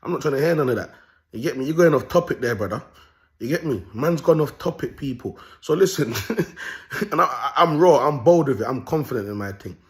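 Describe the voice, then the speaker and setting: Animated man, street-talk monologue. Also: mid-range voice, fast talker. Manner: streetwise slang, animated, often asks "you get me". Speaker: self-styled prophet vlogger. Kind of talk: casual storytelling monologue.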